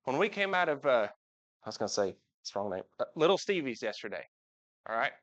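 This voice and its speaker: In a church sanctuary, a man with a mid-range voice preaches a casual live sermon, chatting with the congregation and putting questions to it. His delivery is sing-song, quick, and fairly bright. The live church recording sounds dull and lo-fi.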